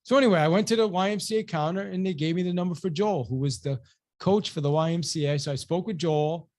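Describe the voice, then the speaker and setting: A man with a slightly high voice hosts a motivational webinar, telling a personal story. He acts out both sides of each exchange with lively swings in delivery. He often stumbles over his words and starts again. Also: quick pace. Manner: animated storyteller acting out both sides of a dialogue; repeats words and restarts often. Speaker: webinar host and real estate coach.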